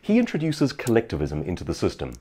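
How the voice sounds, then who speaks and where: A man with an English accent delivering a scripted commentary video in a measured, declamatory way. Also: fairly low pitch, huge pitch swings, a little mellow, breathy edge.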